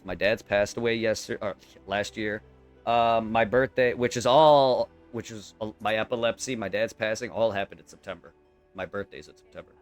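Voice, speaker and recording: A man on a live game stream, venting in a heated, profane, rapid-fire way. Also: fairly low pitch, smooth.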